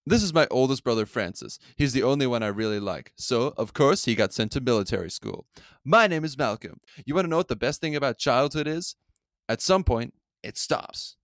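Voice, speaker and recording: A man's voice: medium pitch, lively intonation, a little fast, no echo, lightly acted. A man reading as a wry boy narrator.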